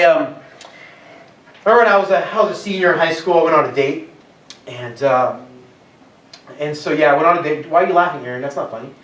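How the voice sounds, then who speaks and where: Joking preacher with a high voice. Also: male voice, a bit bright. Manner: joking storyteller, self-mocking. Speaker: pastor. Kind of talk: sermon. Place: church hall. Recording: echoey church hall from far off.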